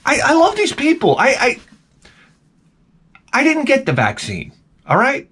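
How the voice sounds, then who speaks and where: A man's voice: extremely high pitch, huge pitch swings, measured pace, fairly bright tone. A man rambling through a comic monologue to camera, jumping between tangents and restarting his sentences. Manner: tangent-prone rant, frequent stammered restarts. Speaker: vlogger.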